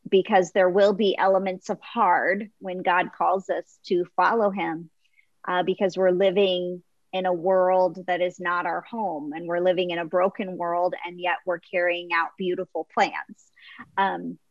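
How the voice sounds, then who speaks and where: A woman guest on a faith interview, telling an illustration with lively voices for the crowd. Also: fairly low pitch, a little slow, no room sound, muffled recording. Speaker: guest author.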